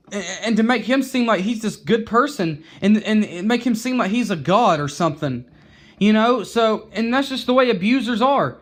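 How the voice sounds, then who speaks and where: A man vlogging, ranting angrily at other online figures, cursing and repeating himself as he gets worked up. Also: high-pitched. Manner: heated, profane, repeats and restarts words. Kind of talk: angry rant to camera.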